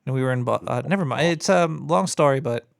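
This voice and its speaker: A man hosting a call-in comedy show, bantering loosely with a caller in a joking, deadpan way. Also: mid-range voice, fast, vocal fry, no room sound, clean studio sound. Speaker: radio show host taking calls.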